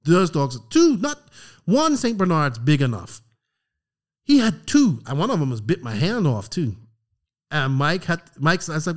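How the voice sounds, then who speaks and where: Animated, swearing podcast storyteller man. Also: fairly high pitch, moderate pace. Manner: animated, profane, acts out quotes. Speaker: podcast co-host. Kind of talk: casual storytelling chat.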